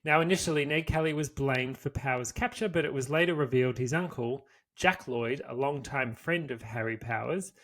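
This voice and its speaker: A man's voice: medium pitch, a little fast, few pauses, fairly bright tone. A man, co-hosting a podcast and reading a history story aloud from notes before slipping into casual chat. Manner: casual, swears freely, reads from notes. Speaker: podcast co-host.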